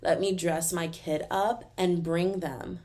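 A young adult woman from Texas with a Texan accent, hosting a podcast in a casual, animated solo rant full of fillers. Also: lowish voice. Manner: animated, exasperated, talks fast with many fillers. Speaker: podcast host.

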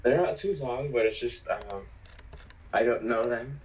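A raspy-voiced teenage boy chatting casually as a podcast guest, hesitant at times, and reading a book aloud. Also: mid-range voice, unhurried, darkish tone, lo-fi sound. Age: teens.

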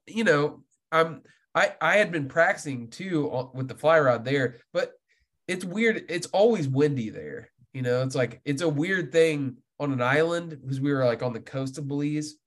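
A young man from Indiana, a podcast guest, telling a fishing story in casual chat and acting out what people said. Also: mid-range voice. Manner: animated storyteller, laughs often, acts out quotes.

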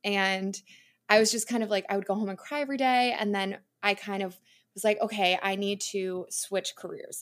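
A young woman, an interior designer and content creator, appears as a podcast guest and shares her story in a loose, conversational interview. Her voice is at an ordinary middle pitch. She's candid and chatty, laughs often, and uses lots of filler words.

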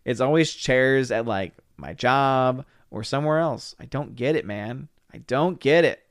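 A young man hosting a livestream, reading viewer comments aloud and answering them with laughs and quick retorts. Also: medium pitch, dry recording, studio quality. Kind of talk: casual livestream chat.

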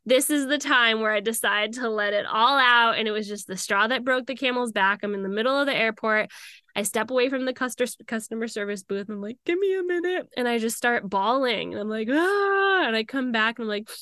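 A woman's voice: fairly high pitch, steady tone, brisk, sharp tone, smooth, no room sound, clean studio sound. A young woman candidly telling a personal story as a host, acting out the voices of the people in it. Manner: candid and confessional, acts out quoted voices. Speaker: podcast host.

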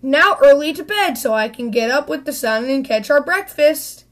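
Storybook papa bear, read by a woman: a hearty, boastful dad who talks high and bright. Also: lively intonation, moderate pace. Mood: cheery boastful. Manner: hearty, cheerful and exclaiming. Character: eager, boastful father bear.

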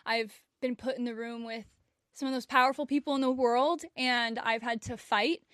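A woman's voice: on the high side, fairly even intonation, normal speed, fairly bright tone, no room sound, clean studio sound. A young woman co-hosting a podcast, talking in an earnest, heartfelt and emotional way. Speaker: podcast co-host. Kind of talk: casual chat.

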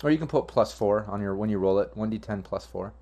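A man's voice: lowish voice, quick pace, warm tone. A man narrating as game master in a casual tabletop session, loose and rambling. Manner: loose, rambling, frequent ums.

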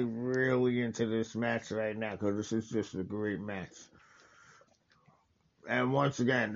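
A man with a gravelly, fry-laden voice gives loose, casual commentary over a wrestling match he is watching. He rambles, corrects himself mid-thought and sounds plainly enthusiastic. The recording is slightly dull and lo-fi. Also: medium pitch. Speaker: wrestling watch-along host.

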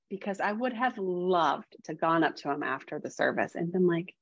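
Woman, very low voice, dry dull lo-fi sound, rambling, says "like" a lot. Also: normal speed, few pauses, no room sound. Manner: rambling, heavy use of "like". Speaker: guest, developing medium. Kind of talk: casual podcast chat.

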